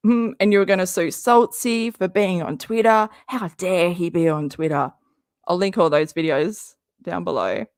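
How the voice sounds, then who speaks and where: A woman's voice: lowish voice, unhurried, darkish tone, dry recording, studio quality. A woman hosting a casual reaction livestream, chatty and sarcastic, rambling and laughing often. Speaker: livestream host.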